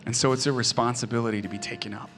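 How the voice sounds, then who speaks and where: An earnest pastor in his thirties delivers a sermon with personal stories. His delivery is often quiet, then quickens as he tells an anecdote. Faint music plays underneath. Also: medium pitch, fairly even intonation. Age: 30s.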